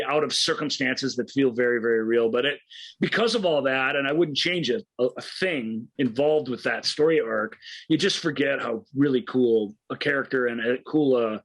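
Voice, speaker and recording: Male podcast co-host, average pitch, eager and rambling, lots of restarts, casual film talk. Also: a bit bright, poor audio. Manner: enthusiastic, rambling retelling of scenes with frequent restarts.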